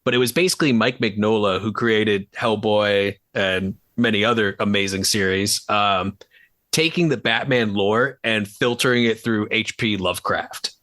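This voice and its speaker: A man's voice: fairly low pitch, fairly even intonation, normal speed, bright, forceful tone, dry recording. A man co-hosting a podcast, chatting casually and enthusiastically about films with lots of fillers. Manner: enthusiastic, rambling with many fillers. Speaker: podcast co-host. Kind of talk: casual film chat.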